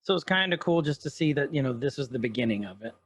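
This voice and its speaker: A man co-hosting a casual podcast, rambling through a recap, clearing his throat often and sounding stuffed up from pollen. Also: mid-range voice, expressive, fast talker. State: congested from pollen. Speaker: podcast co-host. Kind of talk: casual chat.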